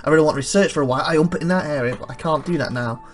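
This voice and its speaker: A man commenting on his own strategy game, thinking aloud and rambling fast with a dry throat he keeps clearing. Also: fairly high pitch. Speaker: let's play host. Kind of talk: gameplay commentary.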